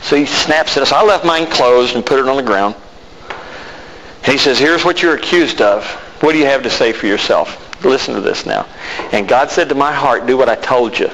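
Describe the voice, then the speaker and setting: A man's voice: medium pitch, moderate pace, a bit bright. A man preaching a sermon and telling a personal testimony, acting out both sides of the conversations he recalls. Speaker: pastor. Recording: reverberant hall with faint noise.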